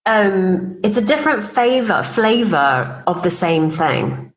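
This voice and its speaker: A woman's voice: medium pitch, sing-song, slow pace, poor audio. A woman business coach, a podcast guest, telling personal stories in casual conversation and acting out the dialogue she quotes. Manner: chatty, acts out quoted dialogue, laughs while telling stories.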